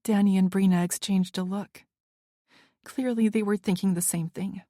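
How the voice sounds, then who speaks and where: A woman reads a first-person romance audiobook, telling it earnestly with an anxious edge. Her voice sits at a middle pitch, and the sound is dry and close, with no room echo. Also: fairly even intonation, moderate pace, mellow. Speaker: audiobook narrator.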